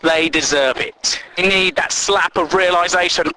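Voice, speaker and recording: A man's voice: sits high, fairly even intonation, a little slow, bright, forceful tone, slight background noise, low-quality recording. A man hosting a comedy show, ranting sarcastically and swearing a lot. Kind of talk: stand-up rant.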